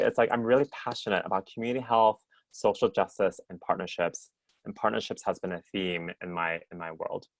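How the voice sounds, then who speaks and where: A man's voice: on the low side, a bit bright, no echo. Upbeat man presenting a video-call workshop. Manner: upbeat, chatty, checks in with "right?" and "okay?". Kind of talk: interactive online workshop teaching.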